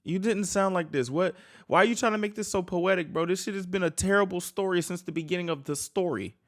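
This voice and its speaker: High-voiced man ranting in a reaction video. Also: quick pace. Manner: exasperated, profane, slangy outbursts. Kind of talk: casual reaction commentary.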